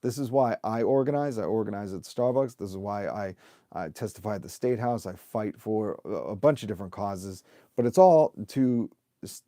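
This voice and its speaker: A man in his thirties speaks to his livestream audience in a fired-up, emphatic rant, piling up rhetorical questions. His voice sits a little low and has a dark, mellow tone. The sound is dry and close, with no room echo. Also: normal speed. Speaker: livestream host and union organizer. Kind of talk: impassioned livestream rant to viewers.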